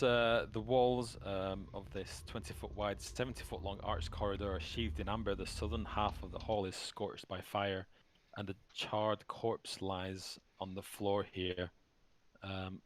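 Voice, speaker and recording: A man who narrates a tabletop game as game master on a live stream, in a halting way with many fillers. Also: on the low side, level tone, slight background noise.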